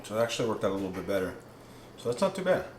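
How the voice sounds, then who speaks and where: A man's voice: on the low side, very animated, racing, a little mellow, a little hiss or hum. Casual rambling man in an echoey kitchen. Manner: rambling, many ums and restarts; tasting food while talking. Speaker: keto cooking vlogger. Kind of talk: casual cooking vlog.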